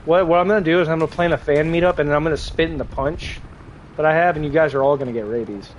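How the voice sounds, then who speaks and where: A man's voice: a little high, quick pace, a little hiss or hum, low-quality recording. A man in his twenties streaming a game and chatting with viewers, telling crude jokes and laughing often. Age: 20s. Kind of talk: casual livestream chat with viewers.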